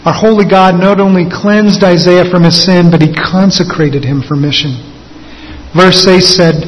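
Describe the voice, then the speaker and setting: A man pastor delivering an earnest sermon, slowing and lifting his voice for emphasis. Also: high voice, steady tone. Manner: earnest preaching, slows and lifts for emphasis. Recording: dull sound with long hall reverb.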